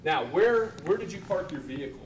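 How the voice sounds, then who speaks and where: A man's voice: expressive, a little fast. A man questioning a witness in a courtroom cross-examination, leading him with short questions and frequent checks for agreement. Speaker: defense attorney. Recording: echoey room from far off, faint rumble.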